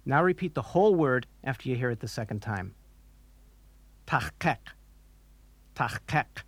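A man narrating a scripted language lesson, pronouncing harsh guttural words slowly and deliberately for the listener to repeat. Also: mid-range voice, animated, no echo. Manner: slow, deliberate pronunciation drills with harsh guttural sounds. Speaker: language instructor.

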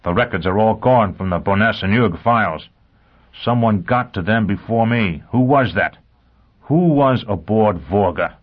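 A man's voice: fairly low pitch, animated, measured pace, husky. A man voicing a hard, terse male spaceman who gives clipped orders in an audiobook, on a dull lo-fi recording. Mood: interrogating. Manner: grunting, clipped commands. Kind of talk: audiobook character voice.

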